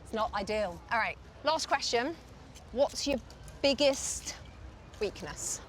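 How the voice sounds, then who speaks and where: Woman, fast talker, slightly high voice, eager interviewer, walking outdoors with clear street noise. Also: expressive. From England. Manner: eager, quick affirmations, probing questions. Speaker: sports broadcaster and interviewer. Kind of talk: casual interview on a walk. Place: city park outdoors with traffic.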